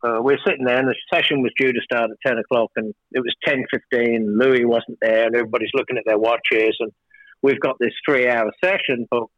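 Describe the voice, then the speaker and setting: A record producer tells a long studio story in a casual interview, rambling with many fillers and restarts and becoming more animated and emphatic. His voice is medium-pitched and fairly quick, with no room sound and the highs cut off.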